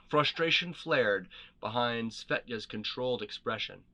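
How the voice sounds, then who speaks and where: A man narrating fantasy lore as a storybook reading, measured and expressive. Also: mid-range voice.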